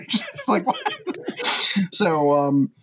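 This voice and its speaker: Husky laughing man telling stories. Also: mid-range voice, brisk, fairly bright tone. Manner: rambling storyteller, laughs often, self-mocking. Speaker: podcast host. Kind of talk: casual chat.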